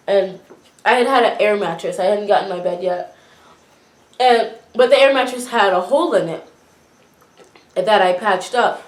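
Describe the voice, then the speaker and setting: A young American woman from Florida chatting with her roommates, telling a story with lively, shrieking acted-out quotes. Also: mid-range voice, echoey room. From Florida, USA. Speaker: vlogger. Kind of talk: casual chat, mukbang.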